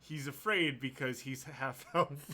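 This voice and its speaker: A man running a tabletop game as game master, relaxed and laughing often, with lots of fillers and restarts. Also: medium pitch, a little slow, crowd noise.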